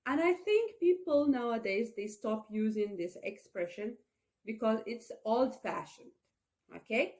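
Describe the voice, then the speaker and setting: A young woman whose first language is Arabic teaches an English lesson, speaking slowly and deliberately. Her pitch sits fairly high and swings widely as she stresses each phrase, and she keeps asking "okay?" to check her listeners follow. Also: darkish tone. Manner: slow, deliberate delivery with frequent "okay?" checks.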